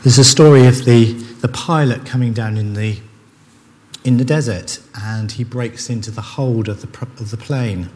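A man's mid-range, slightly mellow voice moves at a moderate pace as he gives an earnest, conversational sermon, often restarting sentences. The long reverb of a church hall and faint ambience fill the recording.

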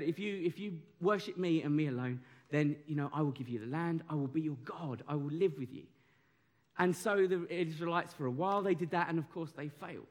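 Male preacher, young, animated and chatty, slightly high voice. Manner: animated, conversational, audience participation. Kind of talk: sermon.

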